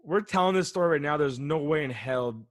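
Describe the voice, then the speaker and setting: A young man co-hosts a casual podcast and tells a story in loose, rambling bursts with plenty of swearing and laughter. His voice sits a little higher than most men's. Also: lively intonation, a little fast, dry recording, studio quality. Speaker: podcast co-host. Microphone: podcast mic.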